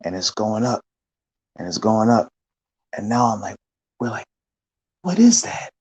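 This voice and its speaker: A man recounts a spiritual vision in loose, animated testimony. His voice sits low with a husky grain, and he acts out gasps and shouts as he tells it. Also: moderate pace, rough recording.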